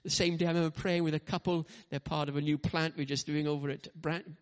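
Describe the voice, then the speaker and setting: A man preaching a sermon as pastor, animated, acting out quoted lines, with frequent restarts and asides. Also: on the high side, quick pace.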